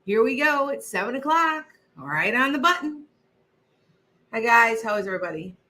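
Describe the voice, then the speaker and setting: Bright-voiced woman chatting on a livestream. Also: on the high side, big pitch swings, normal speed. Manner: chatty, rambling with frequent restarts. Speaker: psychic livestream host. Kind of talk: casual livestream chat.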